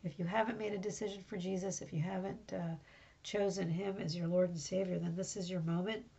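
A woman's voice: on the low side, fairly even intonation, brisk, gravelly, mellow, slightly rough, muffled recording. A woman hosting a casual Bible teaching podcast from home, talking in a rambling, conversational way with many fillers. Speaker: podcast host.

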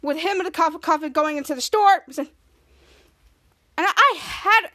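A woman hosting a podcast, recapping a sitcom scene by scene in a casual, halting way with many restarts. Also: sits high. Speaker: podcast host.

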